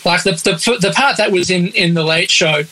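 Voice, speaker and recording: A man's voice: high-pitched, normal speed, pushed and bright, a little hiss or hum, rough recording. A man chatting on a podcast, rambling and restarting his sentences as he explains. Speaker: podcast co-host. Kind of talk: casual chat.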